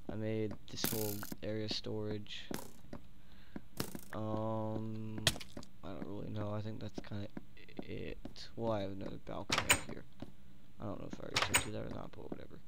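A young man hosting a casual gaming video, rambling and joking, swinging from mumbles to shouts. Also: fairly low pitch, flat delivery, normal speed, vocal fry, heavy background noise. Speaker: gaming channel host.

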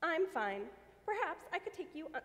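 A woman reading as Squeak, a friendly young flying squirrel. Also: very animated, moderate pace, fairly bright tone, exaggerated voice. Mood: relaxed. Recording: long church reverb.

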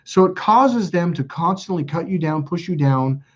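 A man's voice: fairly high pitch, lively intonation, moderate pace, husky, lo-fi sound. A man hosting a self-help video, talking casually and acting out quoted dialogue in raised voices. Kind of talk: casual spoken monologue to camera.

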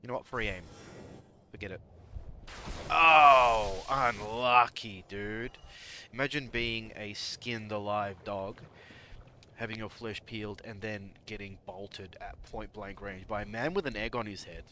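A man's voice: fairly low pitch, steady tone, normal speed, sharp tone, slight background noise. A man streaming a game live, chatty and jokey, talking to his chat and taunting enemies. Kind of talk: live gameplay commentary.

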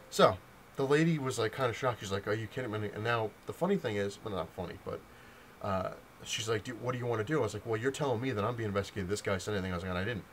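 Lowish voiced dude rambling a long story, lots of ums, faint room hum. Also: male voice, fast, poor audio. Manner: rambling storytelling with many fillers and restarts. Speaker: vlogger. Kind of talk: casual rant to camera.

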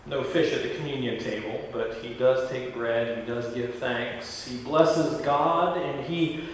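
A man's voice: medium pitch, steady tone, unhurried, slight background noise. A male pastor preaching a sermon in a conversational way, with asides and quoted dialogue. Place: large church sanctuary. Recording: echoey church hall from far off.

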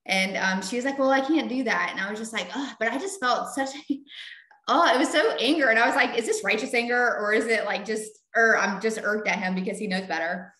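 Brief: middle-aged woman, bright and animated, high-ish voice, echoey room. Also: a little fast, hardly any pauses. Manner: animated, acts out quoted voices. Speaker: Bible study leader. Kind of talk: casual storytelling.

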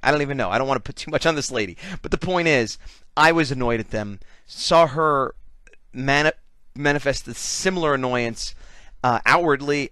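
A man's voice: medium pitch, sharp tone, no echo. A man giving a rambling, self-deprecating voice-over in casual conversation, hiccuping now and then. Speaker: artist and convention vendor.

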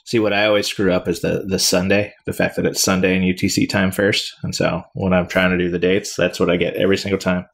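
Man, very low voice, gravelly, wry jokey podcast banter. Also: little pitch movement, fast talker, hardly any pauses. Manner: wry, jokey, laughs often. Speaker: podcast co-host. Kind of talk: casual tech chat.

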